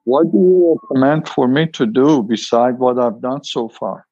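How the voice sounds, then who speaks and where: A man at a recovery meeting, speaking hesitantly with many pauses and fillers as he asks for advice. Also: mid-range voice, mellow, husky, no room sound, muffled recording. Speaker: meeting member asking a question.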